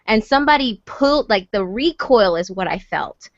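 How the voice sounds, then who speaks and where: A woman caller telling a story in casual chat, lively and full of fillers as she acts out what people said. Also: medium pitch, moderate pace, muffled recording. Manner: animated, acts out quoted voices, many fillers.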